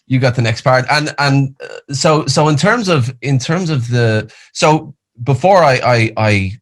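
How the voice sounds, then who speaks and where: A man hosting a podcast interview, asking halting questions with repeated words and encouraging his guest. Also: mid-range voice, lively intonation. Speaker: podcast host.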